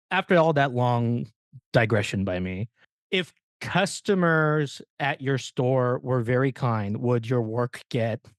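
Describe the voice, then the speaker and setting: A man hosting a podcast, telling stories in a casual, animated way and acting out the people he quotes. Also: medium pitch, dry recording, studio quality. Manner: animated storyteller, acts out quoted dialogue. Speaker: podcast host.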